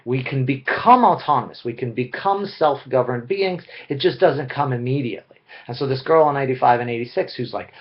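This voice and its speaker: A man's voice: mid-range voice, fairly quick, muffled recording. A man giving a recorded philosophy lecture in a conversational way, often checking in with "right?". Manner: conversational, frequent "right?" tag questions.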